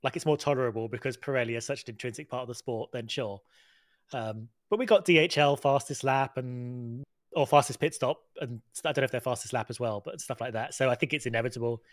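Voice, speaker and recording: Man, guest on a stream, wry banter, incredulous, mid pitch, dry close sound. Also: fast talker, dry recording. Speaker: guest co-commentator. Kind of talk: casual chat.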